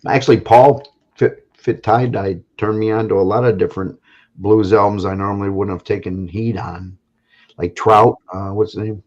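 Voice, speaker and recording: A low, husky male voice chats easily with friends on a livestream. The sound is dull and lo-fi, like a muffled call. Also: fairly even intonation, moderate pace, darkish tone. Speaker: chat guest. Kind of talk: casual chat.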